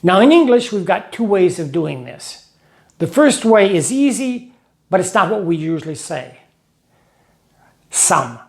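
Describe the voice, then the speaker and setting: Guy with a high voice explaining english grammar w examples and little rhymes. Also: big pitch swings, measured pace, gravelly, long pauses. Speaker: English teacher for Russian speakers. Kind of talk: scripted lesson narration.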